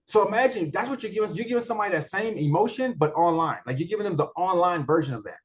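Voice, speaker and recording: A man with a notably high-pitched voice delivers a casual training talk on marketing software. He speaks colloquially, repeats his points and leans on rhetorical questions to keep listeners engaged. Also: expressive, fast. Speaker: network marketer presenting a software walkthrough.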